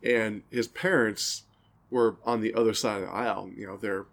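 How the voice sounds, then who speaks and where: Low gravelly man telling stories. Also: steady tone, moderate pace, fairly bright tone. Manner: rambling storyteller, laughs at own stories. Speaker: podcast co-host. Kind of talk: casual chat.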